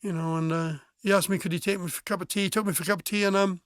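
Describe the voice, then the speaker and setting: Fast-talking frank man, high voice. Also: fairly even intonation, dry recording, studio quality. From Wales. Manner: frank, blunt, swears, acts out remembered dialogue. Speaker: musician guest. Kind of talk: candid personal storytelling.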